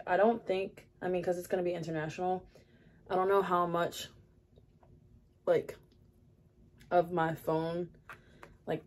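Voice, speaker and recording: A young woman vlogs from her makeup area at home, rambling candidly through a casual, confessional chat with lots of fillers. Her voice is fairly low-pitched and dark in tone.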